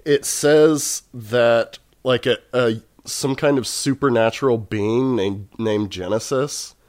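A man's voice: medium pitch, takes it slowly, darkish tone, no room sound, clean studio sound. A man from Texas in casual podcast chat, rambling with many fillers. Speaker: podcast co-host.

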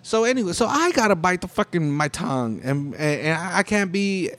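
A man's voice: sits high, very animated, brisk, fairly bright tone. A young American man in a casual, profane monologue, talking with heavy emphasis. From United States. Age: young adult.

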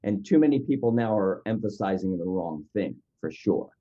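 A man co-hosting a podcast, asking questions in a relaxed, conversational way. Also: on the low side, normal speed. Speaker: podcast co-host. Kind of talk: interview hosting. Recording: dull lo-fi audio.

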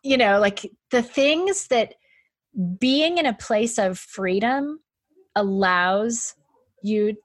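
A woman's voice: fairly high pitch, lively intonation, slow, no echo, clean studio sound. A woman talking as a podcast guest in a casual, chatty conversation, with lots of "like" fillers and frequent laughs.

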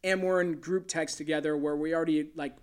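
A man's voice: a little high, steady tone, brisk, clear, resonant tone. A man, a golf caddie, chatting casually in an interview and telling stories with plenty of fillers. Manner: easygoing storyteller, many fillers.

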